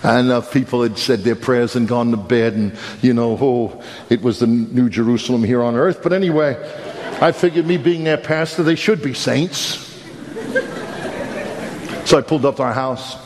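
A middle-aged male pastor preaching a sermon, telling a personal story with humor and wide swings in his voice. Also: moderate pace. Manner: animated storytelling with humor and big pitch swings. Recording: echoey hall with faint ambience.

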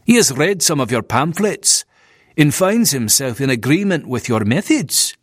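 A man's voice: fairly high pitch, big pitch swings, unhurried, breathy edge, dry recording, studio quality, exaggerated voice. A man voicing a nervous, disapproving Scottish minister who complains in a stiff, scornful way.

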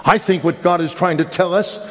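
A man's voice: high voice, brisk. A man from Brooklyn preaching a sermon, with rhetorical questions and emphatic repetition. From Brooklyn, New York. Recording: long hall reverb.

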